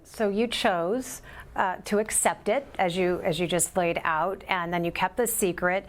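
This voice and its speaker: A woman with a fairly low voice hosts an interview. She asks gentle, probing questions and leans on fillers as she searches for words. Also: steady tone, measured pace. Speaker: host.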